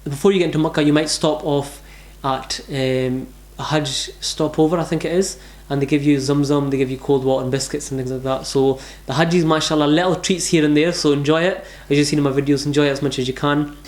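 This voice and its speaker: A fast-talking man with a fairly high pitch and steady tone gives earnest, devout pilgrimage advice in a casual travel vlog, repeating himself as he goes. The room he records in is echoey.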